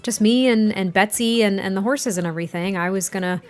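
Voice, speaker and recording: A woman's voice: mid-range voice, a little fast, a little mellow, soft background music, lightly acted. Woman voicing a flustered, grateful ranch girl. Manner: gushing, apologetic, thankful.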